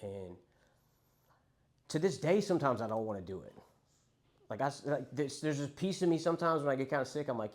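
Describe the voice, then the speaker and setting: A man's voice: medium pitch, expressive, a little fast, long pauses. A young man telling his recovery story in a frank, rambling, profane way, quoting the people he met. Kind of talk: candid recovery testimony.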